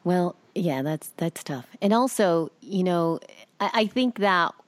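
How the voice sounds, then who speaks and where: A woman's voice: on the low side, lively intonation, takes it slowly, no echo. A woman co-hosting a podcast, reading listener mail and chatting with hesitant restarts. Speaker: podcast co-host. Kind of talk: casual chat.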